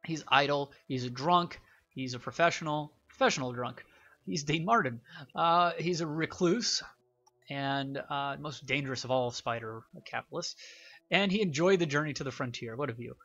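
A man's voice: a little high, moderate pace, fairly bright tone, dull audio. A young man hosting a gaming channel, giving casual, rambling game commentary with many fillers.

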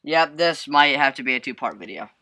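Excitable bright-voiced guy gaming. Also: fairly high pitch, brisk. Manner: excitable, bursts into yelps and laughs, hums to himself. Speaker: let's play gamer. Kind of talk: casual gameplay commentary.

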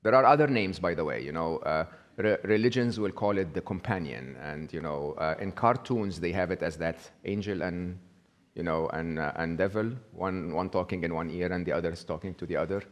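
Egyptian man giving a lively talk. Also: deep voice, fairly quick. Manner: interactive, asks the audience questions; many fillers and restarts. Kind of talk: live talk to an audience.

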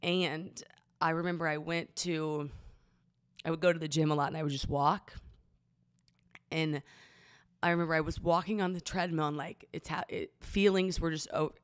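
A young woman with a low voice shares a personal story on her podcast, close to tears. She talks haltingly, restarting sentences and leaning on filler words. The sound is dry and close, with no room around it. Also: steady tone, clean tone, no room sound. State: emotional, near tears. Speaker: podcast host. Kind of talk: personal confessional monologue.

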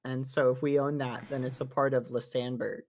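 A man giving a rambling tour during a game role-play. He talks haltingly with many fillers and breaks into high, shocked yelps when flustered. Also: little pitch movement, darkish tone, slight background noise. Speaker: streamer showing his base. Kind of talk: casual role-play chat while gaming.

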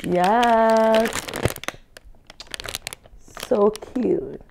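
A woman's voice: fairly high pitch, very slow, creaky, background noise. A young woman vlogger unboxing gifts, exclaiming and gasping over each one. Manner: gushing, lots of exclamations and gasps. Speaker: lifestyle vlogger. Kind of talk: excited unboxing vlog.

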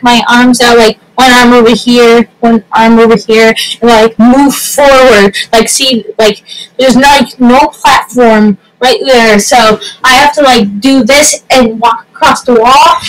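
Slow-talking excitable female vlogger. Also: on the high side, slight background noise, rough recording. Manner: excitable, giggly, many fillers. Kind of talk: casual reaction commentary. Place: home, at a computer. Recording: music playing underneath.

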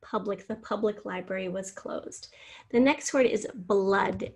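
A woman's voice: mid-range voice, measured pace, creaky, husky. A woman teacher giving a spelling lesson, patiently sounding out syllables and spelling words letter by letter.

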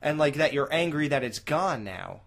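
A man co-hosting a movie review podcast, talking casually and getting loud and animated when he imitates lines. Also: on the high side, normal speed, vocal fry. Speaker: podcast co-host.

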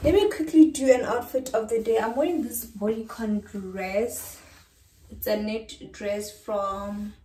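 A woman's voice: on the high side, measured pace, warm tone, distant mic. A young South African woman vlogging casually at home, chatting to her viewers and calling them guys. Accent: South African English. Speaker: lifestyle vlogger. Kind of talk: casual chat to camera. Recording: echoey room, voice off-mic.

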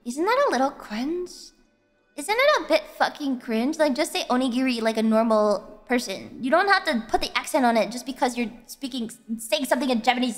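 A young adult woman streamer in casual livestream chat, ranting bluntly and swearing freely, with sudden animated yelps. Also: high-pitched, fairly quick, faint music behind.

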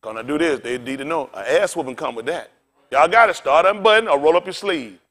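A man's voice: fairly high pitch, fast, a bit bright. A male pastor preaching a rowdy, colloquial sermon, calling out to his congregation for responses.

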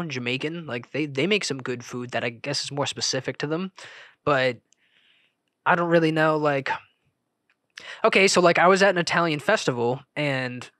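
A young man hosting a solo podcast, rambling and interrupting himself, jumping between loud remarks and mumbled asides. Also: medium pitch, dry recording. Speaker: podcast host.

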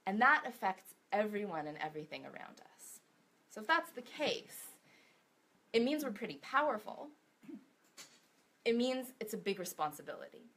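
A woman giving a talk, telling a story in an expressive, animated way. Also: medium pitch, normal speed, pauses often, breathy edge.

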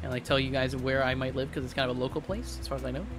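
A man's voice: mid-range voice, little pitch movement, very fast. A young man casually chatting and rambling with stammered restarts while streaming a game. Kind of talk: casual gameplay commentary. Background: game music.

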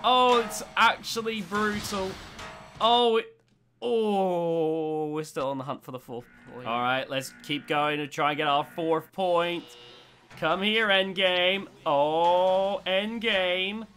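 A man giving excitable commentary as he plays a robot combat video game, swinging between tense muttering and loud cheering. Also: high-pitched, slow, faint music behind. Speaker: gaming YouTuber.

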